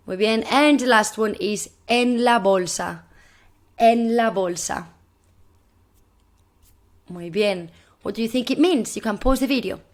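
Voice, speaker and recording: Woman, primary language teacher; encouraging, repeats phrases slowly for pupils to echo. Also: mid-range voice. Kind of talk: recorded classroom video lesson.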